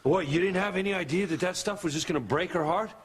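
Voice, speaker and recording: A man's voice: sits high, fast, slight background noise, close to an everyday voice. An actor playing an angry man in a soap opera, berating another man. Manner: angry, accusing. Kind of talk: daytime soap opera acting.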